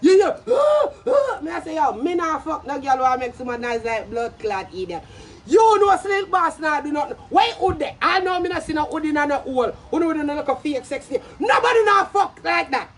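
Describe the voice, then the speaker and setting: A young Jamaican woman ranting loudly in commentary, profane and brash, bursting into shouts and cackling laughter. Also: high-pitched, animated, a little fast, a little hiss or hum. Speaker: social media commentator.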